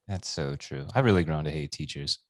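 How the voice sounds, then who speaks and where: A man's voice: rumbling low, fairly quick, darkish tone, no room sound. A man co-hosting a podcast in casual chat, laid-back, swearing freely and laughing often. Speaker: podcast co-host.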